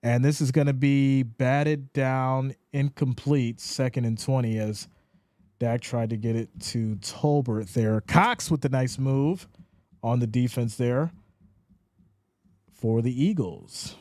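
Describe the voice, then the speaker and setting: A man hosting a live stream, calling the plays and reading viewer chat in an animated voice. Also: slow pace, dry recording. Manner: animated, rises in pitch when excited. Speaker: live stream play-by-play host. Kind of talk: play-by-play commentary with chat reading.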